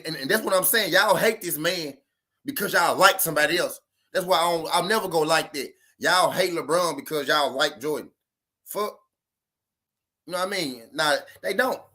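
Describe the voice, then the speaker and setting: A man's voice: on the high side, bright, forceful tone. A man from Memphis, hosting casual sports talk in a profane, argumentative, repetitive way. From Memphis, Tennessee.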